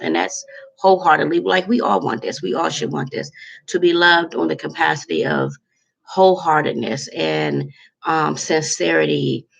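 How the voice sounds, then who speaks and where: Gravelly-voiced woman vlogger, close to tears. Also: low voice. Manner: emotional, heartfelt, halting with many fillers. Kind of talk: candid to-camera monologue.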